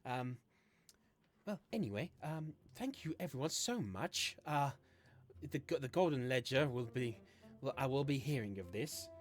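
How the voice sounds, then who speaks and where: A man voicing an excitable male merchant who gushes and stammers. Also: mid-range voice, measured pace, voice pushed up. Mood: chatty. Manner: flustered exclamations, stammering.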